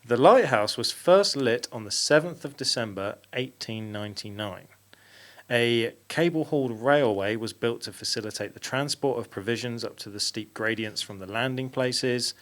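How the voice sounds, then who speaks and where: Man, podcast host, laughs a lot, reads facts with playful drama, average pitch. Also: moderate pace. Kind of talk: casual chat, reading a story aloud.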